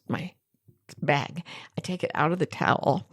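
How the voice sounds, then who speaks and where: A woman's voice: fairly low pitch, lively intonation, measured pace. An older woman hosting a podcast, telling a story animatedly, laughing often and acting out other people's lines. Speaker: podcast host. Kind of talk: storytelling in casual chat.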